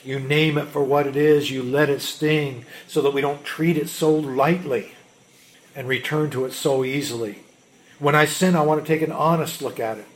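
A man preaching a sermon as a pastor, emphatic, swinging between loud urgency and hushed intensity. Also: fairly high pitch, fairly even intonation, moderate pace.

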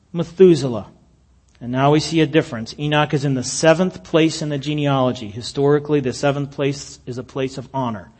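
A man preaching a sermon, reading scripture aloud with emphatic rises and falls and dry humorous asides. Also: mid-range voice. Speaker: pastor.

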